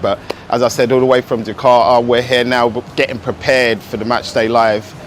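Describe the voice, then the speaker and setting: A man's voice: mid-range voice, fairly even intonation, normal speed, slight background noise. A man giving an upbeat, chatty on-location report back to the studio from outdoors at an event abroad. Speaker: club ambassador reporting on location.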